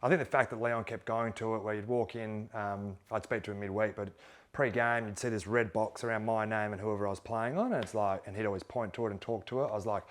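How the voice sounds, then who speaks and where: An Australian man, a former footballer, answering interview questions in a relaxed, thoughtful way. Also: fairly low pitch, fast talker. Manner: relaxed, thoughtful, laughs easily. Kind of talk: casual interview chat.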